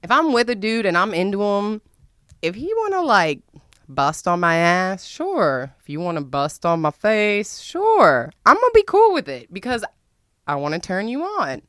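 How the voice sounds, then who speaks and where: A woman's voice: mid-range voice, moderate pace, dry recording, studio quality. A woman hosting a podcast, telling a story in a casual, profane way, laughing often. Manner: excitable, voice spikes when venting. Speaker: podcast host.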